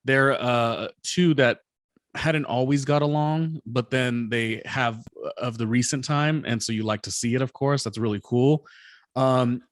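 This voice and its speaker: A man hosting a casual recap podcast, rambling and hesitant, filling pauses with lots of ums. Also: medium pitch, dry recording. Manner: rambling, hesitant with many fillers. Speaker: podcast host.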